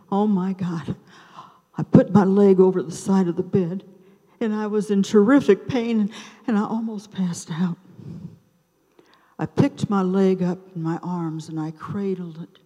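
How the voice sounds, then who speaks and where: A woman in her seventies telling a personal story at an open mic night in a theater, taking her time with dramatic pauses between short phrases. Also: mid-range voice, mellow. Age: 70s. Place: theater stage. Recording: reverberant live theater sound.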